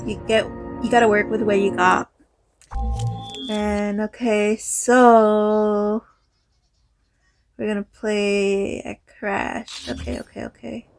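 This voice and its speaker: A woman hosting a mobile gaming video, chatting casually and telling a story with lots of "like" and "um". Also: medium pitch. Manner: rambling, filler-heavy "like" and "um". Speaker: mobile gaming channel host.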